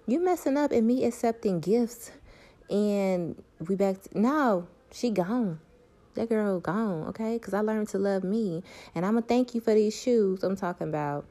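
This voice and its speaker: A woman's voice: medium pitch, normal speed, dark tone. A young woman, talking candidly and emphatically to her viewers about her love life and self-worth, repeating points for stress. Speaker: vlogger.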